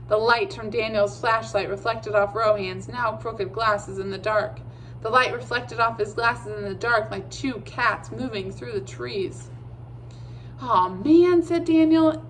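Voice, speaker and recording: A woman's voice: on the high side, fairly bright tone, a little hiss or hum, low-quality recording. Woman reading a story aloud. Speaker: audiobook reader. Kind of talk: storybook narration.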